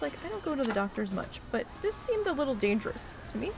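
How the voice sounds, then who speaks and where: Gravelly woman ranting while gaming. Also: a little high, normal speed, over music. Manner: swearing, animated retelling, exasperated. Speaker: streamer playing a park-building game. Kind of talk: casual storytelling while gaming.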